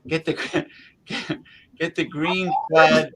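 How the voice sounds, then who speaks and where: A man hosting a casual livestream chat, who talks in halting restarts with many fillers and repeats himself to hold the floor. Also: on the high side, level tone, sharp tone, low-quality recording. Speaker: livestream host.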